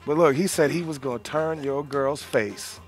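A man's voice: on the high side, normal speed, faint music behind. A man, a pro wrestler guest in a studio, taunting and cutting brash promo-style talk. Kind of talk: trash-talking studio banter.

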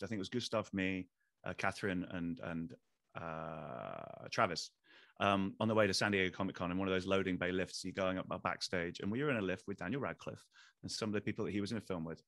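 Man, podcast co-host, rapid animated storytelling, dry close sound. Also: sits low, no room sound. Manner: fast, animated storyteller, many restarts. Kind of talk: casual chat, anecdotes.

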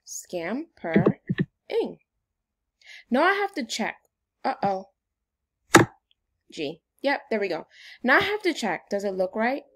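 A woman's voice: on the high side, very animated, a little slow, pauses often, a bit bright. A woman teacher giving a phonics lesson to young children in an upbeat, sing-song way.

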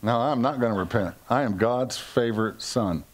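Older american pastor guy, chatty joking sermon, does silly voices for quotes, mid pitch. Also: moderate pace. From United States. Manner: conversational, joking, acts out quotes in funny voices. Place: church service before a congregation.

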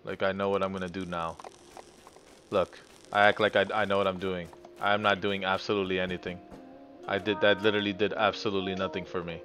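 A man's voice: low-pitched, level tone, brisk, fairly bright tone, soft background music. A man streaming a game live, frustrated, cursing at the puzzle and talking back to chat. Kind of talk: live-stream gameplay commentary.

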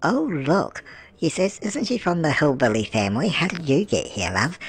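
A man's voice: on the high side, sing-song, moderate pace. A man putting on a doting old grandmother voice for gameplay commentary, chatty, with endless tag questions and calling everyone love, dear and darling. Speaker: gameplay channel host.

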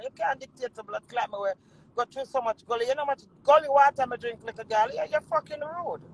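A woman's voice: high voice, creaky, a bit bright, rough recording. Fiery Jamaican woman ranting. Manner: heated, profane, repetitive cursing. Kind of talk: angry ranting monologue.

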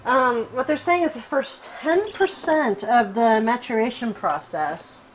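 Woman host for casual game commentary, bubbly and chatty, voice sitting a little high. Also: a little slow, a little hiss or hum, low-quality recording. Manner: chatty and excitable, cooing to her in-game pet. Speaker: gaming channel host.

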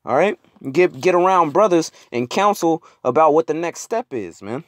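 A man's voice: on the high side, lively intonation, moderate pace, no room sound, clean studio sound. Man preaching casually, saying "man" often. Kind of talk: informal sermon with scripture reading. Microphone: phone screen recording.

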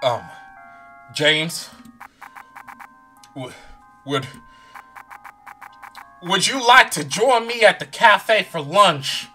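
A man's voice: sits high, lively intonation, extremely slow, pauses often, sharp tone, soft background music, voice pushed up, exaggerated voice. A man voicing a shy, bashful young man who stutters nervously and trails off.

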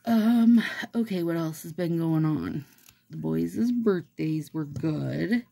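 Woman, nail vlogger, casual rambling chat, slow gravelly voice. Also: deep voice, mellow. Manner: rambling, chatty, laughs often. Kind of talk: casual chat while doing a manicure.

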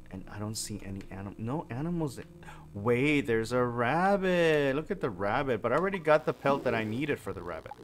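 A man hosting a casual gaming playthrough, chatting as he plays and breaking into sudden high yelps. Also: a little hiss or hum. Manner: chatty, animated, bursts into high yelps and shouts. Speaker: gaming channel host. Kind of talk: casual let's-play commentary.

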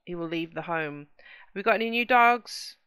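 A woman's voice: lowish voice, lively intonation, normal speed, pushed and bright, clean tone, no room sound. A woman hosting a casual let's play, chatting to viewers and exclaiming at what happens in the game. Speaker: gaming channel host.

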